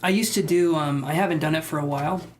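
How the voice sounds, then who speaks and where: Talking fast in a fairly high-pitched voice, a male tarot reader rambles through casual chat on his live stream, responding to viewer comments. There's slight background noise.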